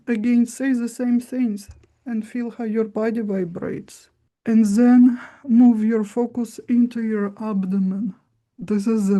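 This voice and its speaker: A woman with a slightly high, mellow voice talks as a guest coach. She speaks slowly and deliberately, leaving long pauses between her points. Her tone stays soft and unhurried throughout. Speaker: guest voice and body-language coach. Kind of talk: instructive interview talk.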